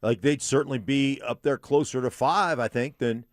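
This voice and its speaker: A man's voice: medium pitch, moderate pace, no echo. A man co-hosting a sports radio show, giving opinions in casual studio talk.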